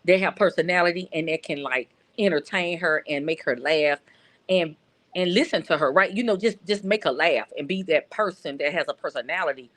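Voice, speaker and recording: A woman's voice: sits low, fairly quick, fairly bright tone. Middle-aged woman calling in, earnest. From North Louisiana. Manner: earnest, repeats words while searching for them. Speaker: caller. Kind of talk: casual call-in chat.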